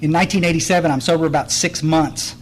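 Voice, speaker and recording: Blunt man, older, fairly high voice. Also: fairly even intonation, fast talker, slight background noise, rough recording. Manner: direct, blunt, storytelling with many restarts. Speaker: AA speaker. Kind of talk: recovery meeting talk. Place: recovery meeting room.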